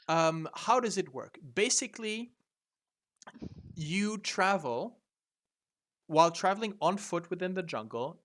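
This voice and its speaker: A man with a fairly high voice runs a tabletop game from home and talks into his mic on a video call. He explains the rules at length, breaking off often with ums and restarts as he searches for the next word. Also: a bit bright. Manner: hesitant, many fillers and restarts. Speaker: game master.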